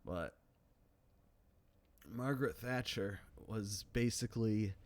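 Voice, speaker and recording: A man's voice: on the low side, slow. A man giving casual, sardonic commentary on a TV episode, with many fillers and restarts. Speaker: video commentator.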